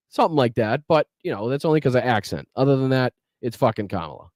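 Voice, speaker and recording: A man's voice: medium pitch, lively intonation, very fast, few pauses, darkish tone, no room sound, studio quality. A man hosting a political podcast livestream, talking bluntly and profanely while reacting to clips and greeting chat. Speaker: podcast host.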